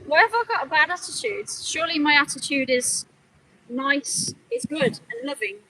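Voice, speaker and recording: A woman's voice: high voice, sing-song, normal speed, pushed and bright, dry recording, poor audio. A woman animal rights activist livestreaming outdoors, talking earnestly, pleading one moment and scolding her chat the next. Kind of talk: live stream commentary.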